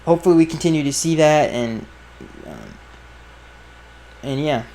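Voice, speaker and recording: With a gravelly, dark-toned voice on the high side that swings widely in pitch, a man hosts a podcast at normal speed, answering fan questions. The casual chat happens outdoors with flies around; his opinions are blunt and offhand, sentences often trailing off, and slight background noise is present.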